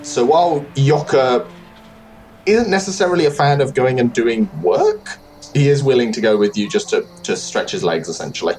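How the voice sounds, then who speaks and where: Hesitant game master with lively pitch. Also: moderate pace, rough recording. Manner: hesitant, many fillers, thinks aloud. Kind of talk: running a tabletop game.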